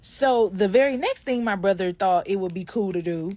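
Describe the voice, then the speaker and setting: Speaking in a mid-range, slightly mellow voice with lively intonation, this Detroit woman talks at a moderate pace with no echo. She chats straight to her followers while recounting a true ghost story, doing the voices of its characters.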